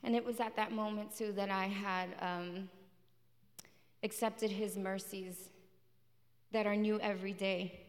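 A woman's voice: medium pitch, steady tone, unhurried, long pauses. A woman preaching a sermon in a church, telling her testimony with passion and repeating her phrases. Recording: reverberant hall.

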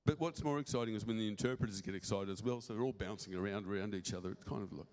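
A man preaching a sermon, excitable and prone to talking fast. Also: on the low side, long reverb tail.

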